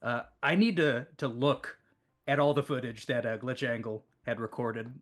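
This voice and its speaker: A man's voice: mid-range voice, steady tone, normal speed. Easygoing man playing an old soldier. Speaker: player. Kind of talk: in-character roleplay.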